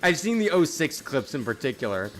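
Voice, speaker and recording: Excitable, lively man streaming a game. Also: fairly high pitch, a little fast. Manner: giggly, apologetic, excitable. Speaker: streamer playing a platform game. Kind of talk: casual gaming stream chat. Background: faint game music.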